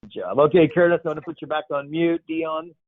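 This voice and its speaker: A man's voice: a little high, steady tone, a little fast. A man hosting a casual Q&A call, playful and rambling, joking with callers. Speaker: host. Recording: tinny phone-like line, dry.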